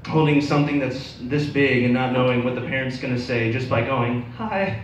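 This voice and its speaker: Brisk and fairly flat in pitch, this young man's medium voice carries a rambling open-mic stand-up routine stuffed with fillers. The distant, roomy bar recording sounds dull, with a faint hiss or hum.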